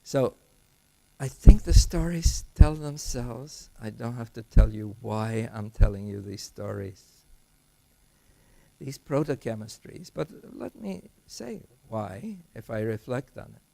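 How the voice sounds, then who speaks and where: A man's voice: mid-range voice, slow pace, vocal fry, dark tone. An older man giving an academic lecture, thoughtful and digressive, often restarting his sentences. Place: lecture hall.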